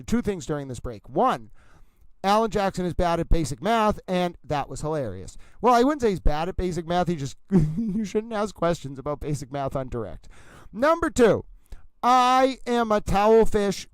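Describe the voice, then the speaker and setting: Male livestream host, theatrical and playful, with a smooth, resonant voice. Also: high voice, no echo, low-quality recording. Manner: silly, theatrical, rambling, addresses "ladies and gentlemen".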